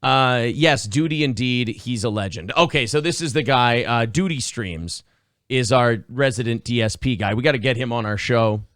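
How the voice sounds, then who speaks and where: A man's voice: mid-range voice, normal speed, no echo, clean studio sound. A male host on a live-streamed talk show, chatting sarcastically and profanely and reading donations. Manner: profane, sarcastic, loud outbursts.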